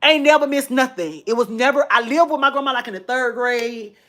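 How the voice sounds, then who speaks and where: A woman's voice: high voice, fairly quick, sharp tone. A woman, telling a personal story to her viewers in a chatty, emotional way. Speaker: vlogger.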